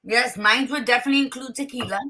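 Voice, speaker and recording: A woman co-hosting a casual morning chat from home, lively and switching between English and Spanish, laughing often. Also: on the high side, fast. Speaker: co-host. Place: home, by a window.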